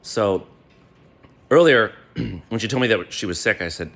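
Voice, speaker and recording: A man telling a personal story to a friend, animated and swearing freely. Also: lowish voice, measured pace, gravelly, pauses often. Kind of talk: gleeful personal anecdote.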